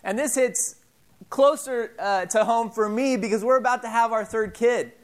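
A man in his thirties giving an informal sermon, telling stories in a halting way with many fillers and restarts. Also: very high voice. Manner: animated, self-deprecating storyteller. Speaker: preacher.

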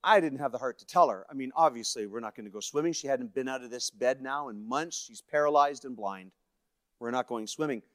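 A man's voice: medium pitch, brisk, no echo, studio quality. A man from Canada, a guest speaker telling a personal story from his life, acting out the voices of the people in it. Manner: personal storytelling with acted-out quotes, swinging between hushed and lively. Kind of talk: storytelling sermon.

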